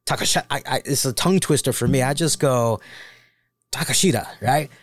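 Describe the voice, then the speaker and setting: A man's voice: mid-range voice, moderate pace, no echo, studio quality. A man hosting a wrestling review show, talking casually and animatedly, swearing freely and addressing his listeners directly. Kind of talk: casual solo review talk.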